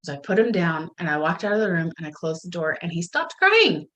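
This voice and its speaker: A middle-aged woman in casual conversation, telling family stories in an animated way, often slipping into quoted voices and laughing. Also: fairly low pitch, brisk, poor audio.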